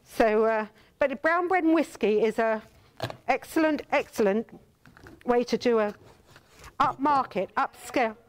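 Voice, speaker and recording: A woman's voice: a little high, measured pace, long pauses, slight background noise. An older English woman hosting a cooking demonstration, chatting theatrically and teasing her viewers as darling. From England. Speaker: cooking show host.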